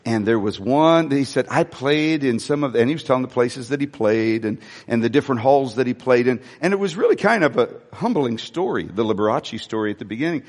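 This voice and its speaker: A man preaching a sermon, telling stories in an animated, conversational way. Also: mid-range voice, fairly quick, hardly any pauses, in a large hall. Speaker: pastor.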